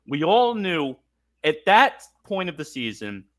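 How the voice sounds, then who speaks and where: A man's voice: on the high side, very animated, unhurried, fairly bright tone. A man hosting a sports talk show, ranting in a fired-up, exasperated way about his team. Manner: fired-up, ranting, mocking quotes. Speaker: podcast host. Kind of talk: heated sports talk rant.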